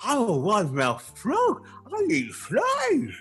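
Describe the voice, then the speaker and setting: Joke-telling bit: a nosy little frog, very high, shrieky, husky edge. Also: male voice, huge pitch swings, slow pace, a bit bright, faint music behind, heavily acted. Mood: excited. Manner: gasping, squealing high exclamations. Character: excitable little male frog, loud and nosy. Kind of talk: told joke.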